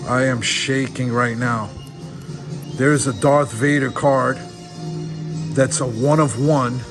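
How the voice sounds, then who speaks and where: A man's voice: medium pitch, steady tone, takes it slowly. A man opening trading card packs on camera, awestruck and repeating exclamations of wonder. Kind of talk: excited unboxing commentary. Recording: background music.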